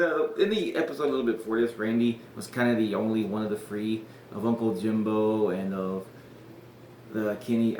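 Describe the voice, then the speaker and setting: A man hosting a podcast, recapping an episode in casual chat, rambling, swearing and laughing often. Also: medium pitch. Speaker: podcast host. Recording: echoey room with faint noise.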